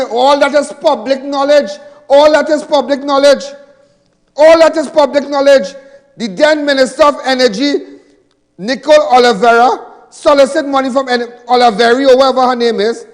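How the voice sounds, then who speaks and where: A Trinidadian man giving a fiery political rally speech in a large hall, emphatic, mocking and repeating his points. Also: very high voice.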